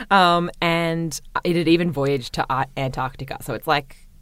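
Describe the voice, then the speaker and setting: A woman's voice: low voice, measured pace, smooth, no echo. A young Australian woman co-hosting a podcast, telling a story in a chatty, swearing, laughing way. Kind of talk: casual chat. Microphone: podcast microphone.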